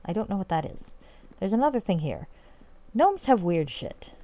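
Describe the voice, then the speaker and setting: A woman's voice: medium pitch, sing-song, normal speed, mellow. A woman streaming a game, chatting casually and swearing freely. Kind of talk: casual let's-play commentary. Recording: game music behind.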